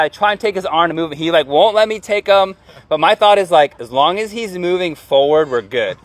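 Man, thirties, chatty storyteller with a slightly high voice, dry close recording. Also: dry recording. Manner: animated, lots of fillers, acts out yelling. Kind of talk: casual storytelling.

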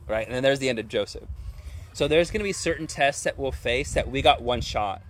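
A man's voice: medium pitch, a little fast, slight background noise. A man preaching a sermon in a conversational way, often asking his listeners rhetorical questions.

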